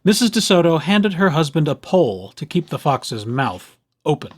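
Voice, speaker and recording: A man reading a children's picture book aloud with expressive, animated storytelling. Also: a little high, moderate pace, slightly rough.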